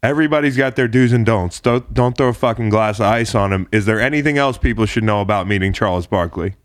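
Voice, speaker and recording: A man's voice: lowish voice, quick pace, no echo. Playful man hosting, dry close sound. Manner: laughing, playful fan-like questions. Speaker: podcast host. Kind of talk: casual interview chat.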